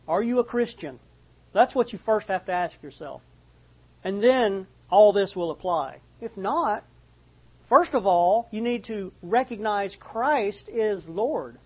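A man preaching a sermon, reading Bible passages slowly, then repeating and explaining them. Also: high-pitched, animated, breathy edge, muffled recording. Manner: reads scripture slowly, then restates and explains it. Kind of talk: slow expository Bible teaching.

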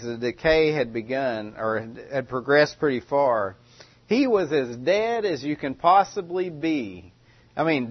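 Man preaching with dramatic hush. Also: mid-range voice, no echo, lo-fi sound. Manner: dramatic, with loud cries and hushed pauses. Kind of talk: sermon.

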